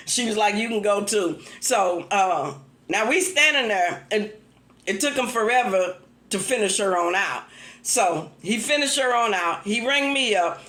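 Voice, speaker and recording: A woman vlogger with a medium-pitched voice tells her viewers a story in a roomy-sounding space. It's a casual storytelling rant, animated and exasperated, and she laughs as she vents.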